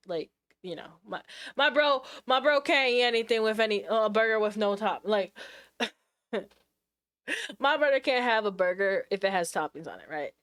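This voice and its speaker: A woman's voice: medium pitch, expressive, a bit bright. Woman streamer just chatting w her viewers, slangy n sassy, lots of restarts. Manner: slangy, sassy, talks in quick asides with restarts. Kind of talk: casual chat to a live stream audience.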